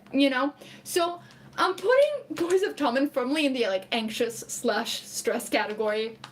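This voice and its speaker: A woman streaming casually, reading chat aloud and ranting about her picks. She rambles with lots of fillers and laughs often. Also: high voice. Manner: exasperated ranting.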